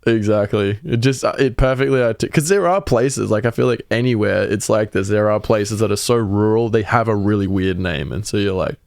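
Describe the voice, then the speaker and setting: A young Australian man, a podcast guest, explains slang in casual chat, laid-back, laughing often and swearing freely. His voice is lowish with vocal fry and a darkish tone, and he talks fairly quickly with few pauses. The recording is dry and studio quality.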